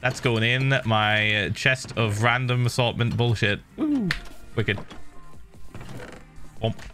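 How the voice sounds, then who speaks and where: A playful man chatting casually while he streams a game, laughing often and adding little sound effects as he goes. His voice is bright and edgy, and his pitch jumps widely. Faint music sits underneath. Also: lively intonation, takes it slowly. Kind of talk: casual gameplay chat.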